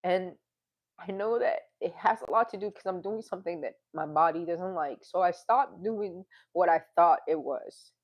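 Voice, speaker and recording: A woman's voice: on the low side, normal speed, dull audio. A woman vlogging to her viewers in a rambling, confessional way, sighing, laughing and swearing now and then. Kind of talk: candid casual monologue.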